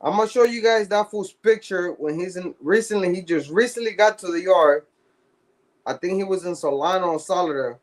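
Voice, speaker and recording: Brief: man, podcast co-host, loose profane storyteller, fairly high voice. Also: brisk. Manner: profane, slangy, laughs often. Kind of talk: casual chat, storytelling.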